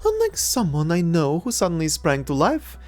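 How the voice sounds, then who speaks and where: A woman's voice: fairly low pitch, huge pitch swings, moderate pace, darkish tone. A woman voicing a cocky young adventurer-thief who talks in a playful, mocking way, in a fan audio drama. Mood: teasing. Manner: playful, mocking, laughs often.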